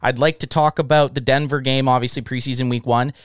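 Smooth-voiced man joking on a podcast. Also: mid-range voice, fairly even intonation, brisk, no room sound, clean studio sound. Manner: loose, profane, joking. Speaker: podcast co-host. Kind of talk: casual sports podcast chat.

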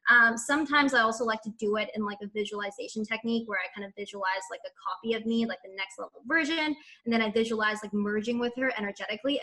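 A woman's voice: a little high, pushed and bright. A woman guest on a podcast, answering enthusiastically and gushing about her practices, with lots of "like" and light laughter. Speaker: podcast guest, spiritual coach. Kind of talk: upbeat podcast interview answers. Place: lives in Montreal.

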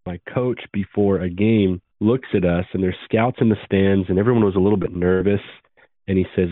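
A man in his thirties recounts his past in an earnest, brisk storytelling manner. His voice sits very low. The sound is dry and narrow, like it came down a phone line. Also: steady tone, no echo. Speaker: podcast guest. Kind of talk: storytelling interview.

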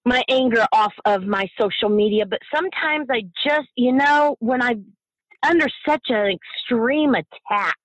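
Impassioned middle-aged woman, halting speech. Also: a little high, dry recording, rough recording. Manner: impassioned, halting, repeats herself. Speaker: guest, bereaved mother. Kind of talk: emotional interview.

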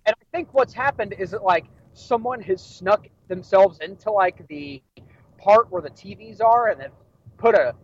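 A man's voice: sits high, moderate pace, muffled recording. A man co-hosting a podcast, telling a story in casual chat and laughing often. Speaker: podcast co-host.

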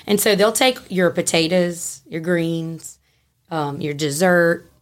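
A woman, a podcast guest telling a story in a frank, animated way and laughing easily. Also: fairly low pitch, takes it slowly. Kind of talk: casual storytelling.

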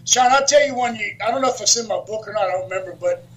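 A man being interviewed as a guest, telling wrestling road stories in a lively way, laughing often and swearing freely. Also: high-pitched, rapid-fire, rough recording. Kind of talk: casual storytelling interview.

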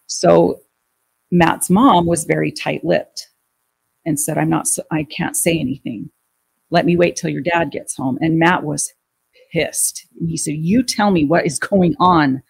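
A woman telling a personal story as an interview guest, acting out what people said in lively quoted dialogue. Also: deep voice, measured pace, gravelly, breathy edge.

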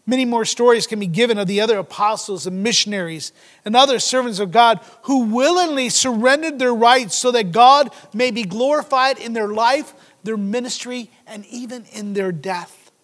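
A man with a fairly high voice delivers a sermon. He swings from loud, emphatic stretches down to hushed, drawn-out lines. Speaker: preacher.

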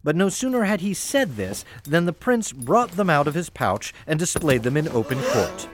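A man's voice: fairly high pitch, sing-song, moderate pace. A man narrating a fairy tale in a wry, playful storytelling manner over faint music.

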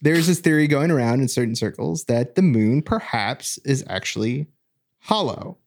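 A man's voice: medium pitch, expressive, moderate pace, vocal fry, a little mellow. A man co-hosting a casual podcast, explaining science at length with many fillers and restarts.

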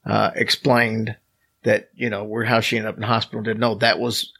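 A man's voice: lowish voice, flat delivery, moderate pace, vocal fry, sharp tone, breathy edge. A man co-hosting a podcast, telling a story in casual chat with a wry, joking manner. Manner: wry, joking, recounts a story from his notes. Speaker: podcast co-host.

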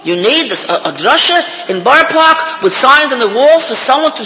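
An older man preaches in a very high, piercingly bright voice, joking and repeating his points with animated energy as he chants prayers. His voice rings with a long echo through a hall, over a faint background hum. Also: normal speed. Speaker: speaker giving a talk. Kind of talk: humorous sermon. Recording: echoey hall with faint noise.

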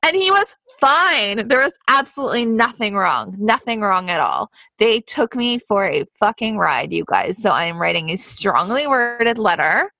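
A young woman in casual podcast chat, telling stories with plenty of "like" and quick asides. Her voice is bright and forward, recorded close and dry with no room sound. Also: mid-range voice, expressive, dry recording. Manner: chatty storytelling, peppered with "like". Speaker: podcast co-host.

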